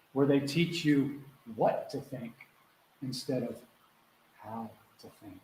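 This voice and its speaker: Speaking at medium pitch and a measured pace, a spiritual mentor runs a live question-and-answer session over video. His manner is casual and earnest, with acted-out quotes and plenty of swearing; the room echoes and has faint background noise.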